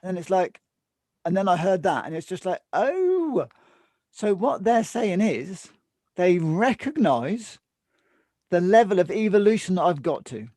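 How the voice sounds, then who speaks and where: A man co-hosting a talk show in casual conversation, animated and acting out what other people say to him. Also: high voice, moderate pace, no echo. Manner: animated, mimics others in quoted asides. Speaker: podcast co-host.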